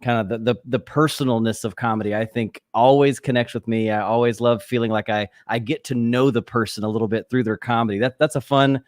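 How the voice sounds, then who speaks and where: A man hosting a comedy podcast, giving halting, friendly praise in casual chat. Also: medium pitch, steady tone, dry recording, clean studio sound. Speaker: podcast host.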